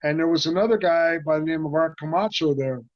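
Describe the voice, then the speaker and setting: Talking fast in a voice on the high side, a martial arts actor being interviewed rambles through casual stories with animation and acts out the voices of the people in them. The recording is dry, muffled and lo-fi, with no room sound.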